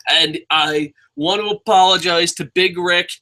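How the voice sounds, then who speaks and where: A young man from New Jersey giving a rambling, excitable wrestling review, swearing constantly and poking fun at himself. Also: sits high, measured pace, few pauses. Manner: excitable, rambling, heavy swearing, self-mocking. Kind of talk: casual profane review rant.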